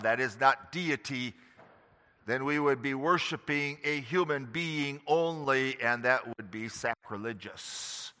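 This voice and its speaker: A man preaching a sermon slowly and emphatically, pressing hard on key words. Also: fairly high pitch, pushed and bright, in a large hall. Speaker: pastor.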